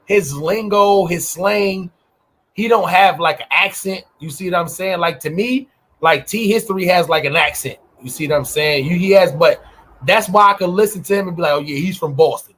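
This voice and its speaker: A man from New York co-hosting a podcast, talking in a blunt, profane, animated casual way. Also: high-pitched, normal speed. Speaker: podcast co-host. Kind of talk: casual chat.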